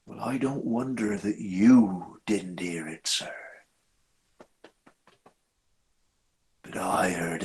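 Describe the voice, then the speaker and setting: A man voicing a troubled railway signalman who speaks haltingly and deferentially, calling his listener "sir" again and again. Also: low-pitched, sharp tone, voice pushed down, heavily acted. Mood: hushed. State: distressed and troubled. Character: haunted, anxious middle-aged male railway signalman. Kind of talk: performed storytelling.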